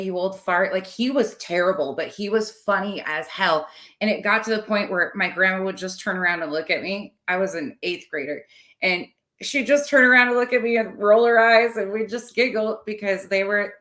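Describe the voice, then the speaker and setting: Woman, 30s, low voice, rambling livestream host chatting with viewers. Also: fairly bright tone. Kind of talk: casual livestream chat.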